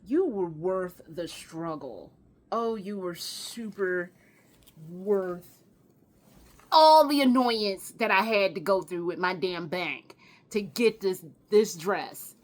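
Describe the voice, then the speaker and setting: A young woman vlogging an unboxing in a casual, excitable way, swearing freely and gushing over what she finds. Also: medium pitch, slow pace. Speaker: fashion vlogger. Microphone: camera with ring light.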